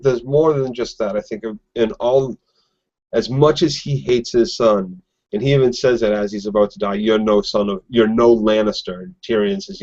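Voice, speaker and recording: A man co-hosting a casual podcast recap, talking animatedly and acting out scenes in quick quoted voices. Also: on the low side, darkish tone. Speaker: podcast co-host. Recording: dull lo-fi podcast audio.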